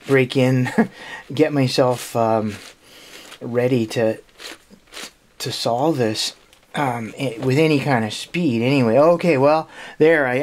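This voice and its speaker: A man hosting a puzzle channel talks casually through an unboxing at a middling pitch. He stops and restarts often and laughs quietly to himself as he goes. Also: a little hiss or hum. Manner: hesitant, halting, full of restarts and small laughs.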